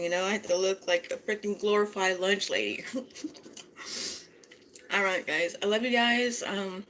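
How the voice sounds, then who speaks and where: Woman vlogging at home, bright voice, keeps going mm while eating, faint dishes clinking behind. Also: medium pitch, steady tone, moderate pace, pauses often, slight background noise, rough recording. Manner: chatty, savoring food aloud with frequent mm sounds. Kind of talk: casual chat while eating.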